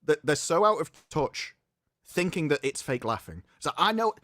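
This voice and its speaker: A man in casual podcast chat with a somewhat high voice that rises and falls a lot. He retells things with animated disbelief, and his microphone sound is dry and close. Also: moderate pace, no echo. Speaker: podcast guest. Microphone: own microphone.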